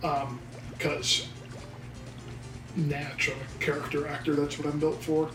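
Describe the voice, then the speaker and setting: A man's voice: fairly high pitch, flat delivery, unhurried, reverberant, far from the mic, over music, low-quality recording. A man co-hosting a casual gameplay video, joking and theatrical as he wanders off on tangents. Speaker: co-host of gaming channel. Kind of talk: casual let's play banter.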